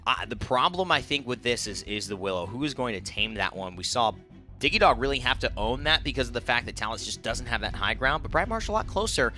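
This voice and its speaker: A man's voice: medium pitch, big pitch swings, brisk, pushed and bright, soft background music. A young man casting an esports match, chatty and analytical, joking between picks. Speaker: esports caster. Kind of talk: play-by-play commentary.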